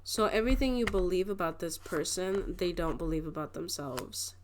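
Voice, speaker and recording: A woman's voice: lowish voice, lively intonation, normal speed, background noise. A young adult woman giving a casual pick-a-card tarot reading, chatty and rambling, often restarting her sentences and laughing. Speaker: tarot reader.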